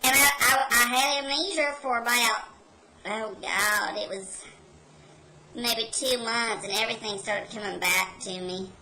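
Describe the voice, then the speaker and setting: A woman's voice: a little high, measured pace, pushed and bright, slight background noise, full character voice, rough recording. A woman doing a brash hillbilly carny gal. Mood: rambling. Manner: rambling, drawling, folksy storytelling. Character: brash rebellious hillbilly carnival woman, young adult. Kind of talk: comedic character monologue to camera.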